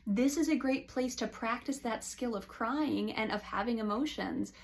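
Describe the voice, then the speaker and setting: A woman's voice: on the high side, moderate pace, gravelly, slight background noise. A woman who is a licensed counselor, talking casually and frankly to camera from her counseling office.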